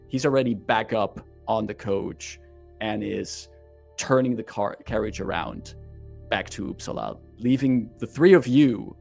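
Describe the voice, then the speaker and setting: A man as game master, narrating a tabletop game with vivid, unhurried scene-setting description. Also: medium pitch, creaky, a little mellow.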